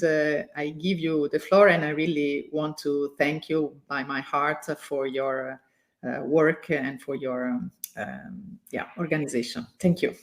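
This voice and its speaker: Woman, english, halting welcome speech, lots of fillers, video call. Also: sits low, steady tone. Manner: halting, many fillers and restarts. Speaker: president of the organization, opening host. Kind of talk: hesitant welcome speech with thanks.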